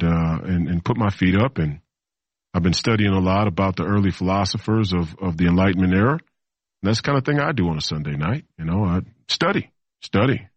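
A man in his thirties with a very low voice delivers a loose, rambling political talk-show monologue, repeating phrases and tossing in mocking asides. The sound is dry and close, with no room around it. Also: no room sound, lo-fi sound. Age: 30s.

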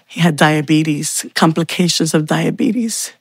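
Woman, personal testimony; unhurried, heartfelt delivery with a gravelly edge. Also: low voice, no echo. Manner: heartfelt, slow storytelling with pauses. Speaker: speaker sharing testimony.

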